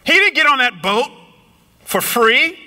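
A middle-aged man preaching a sermon, swinging his pitch up and down and slowing or raising his voice for emphasis. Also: very animated, pushed and bright. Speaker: pastor. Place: lives in a big city apartment.

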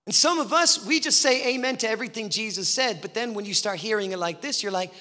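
A man's voice: high-pitched, fast talker, few pauses, pushed and bright. A man preaching a passionate sermon as a guest speaker in a church, driving his points home with repeated rhetorical questions. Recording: long reverb in a hall.

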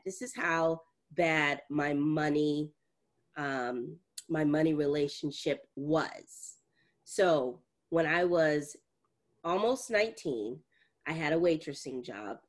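A middle-aged woman co-hosting a podcast, telling stories in a casual chat with lots of laughter. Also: low-pitched. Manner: animated, laughs heartily while telling stories.

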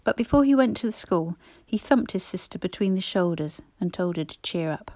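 Storybook narrator, woman, warm tone, dry close sound. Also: fairly low pitch, no room sound. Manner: measured, expressive. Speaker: audiobook narrator. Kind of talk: storybook reading.

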